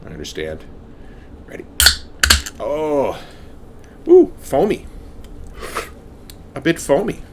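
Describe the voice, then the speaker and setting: A man's voice: a little high, wildly swooping pitch, slow pace, pauses often, noisy background. A man giving a casual beer review from his home basement, joking offhandedly as he reads the label aloud.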